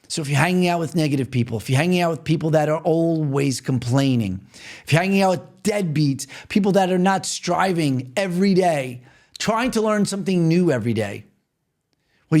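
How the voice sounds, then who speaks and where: A New York man hosts a podcast, delivering a motivational monologue straight to the listener in an earnest, repetitive way. His voice is fairly high and a little mellow.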